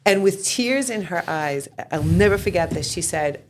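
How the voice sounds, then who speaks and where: A woman's voice: lowish voice, expressive, moderate pace, slight background noise. A woman in her forties, the guest of an interview, telling her story candidly and animatedly, swearing freely. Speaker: real estate team founder, guest.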